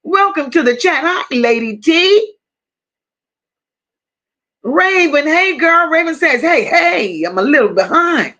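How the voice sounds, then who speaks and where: High-voiced woman greeting live chat. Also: animated, slow, pauses often, dull audio. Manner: warm, affectionate, calls viewers baby and boo; casual, swears freely, reads chat aloud. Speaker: livestream host.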